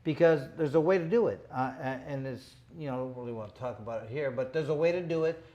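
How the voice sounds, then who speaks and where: A man's voice: medium pitch, fast talker, dark tone, lo-fi sound. A man in his fifties hosting a boxing show, telling stories in a casual, rambling, tough-talking way full of "you know" asides. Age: 50s. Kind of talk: casual storytelling chat.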